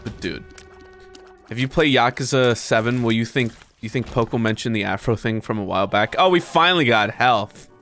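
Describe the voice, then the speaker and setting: A man streams a video game and chats casually with his viewers, swearing often and laughing between complaints about his run. His medium-pitched voice moves at a moderate pace, animated throughout, with soft music in the background. It's relaxed gameplay commentary.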